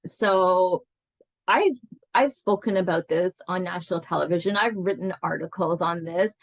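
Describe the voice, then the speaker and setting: A woman's voice: lowish voice, normal speed, dry recording, poor audio. A woman in her forties telling her life story in an oral history interview, earnest and reflective, often restarting her sentences.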